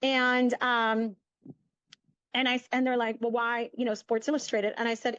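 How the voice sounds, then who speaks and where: A woman's voice: fairly high pitch, normal speed, clean tone, no echo, lo-fi sound. A middle-aged woman guest telling a story casually and with energy, acting out the lines of the people in it. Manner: chatty, animated, acts out quoted dialogue. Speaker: guest, media entrepreneur.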